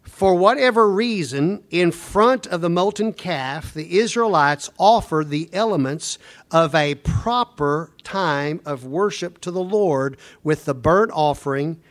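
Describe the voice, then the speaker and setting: A man preaching a sermon, retelling a scripture story with repetition and dropping his voice low when reading verses. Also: animated, unhurried.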